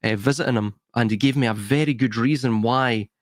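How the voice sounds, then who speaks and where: A man's voice: medium pitch, fairly quick, dry recording. A Scottish man talking as a podcast guest in a thoughtful, hedging way, often restarting his sentences. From Scotland. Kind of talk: casual podcast chat.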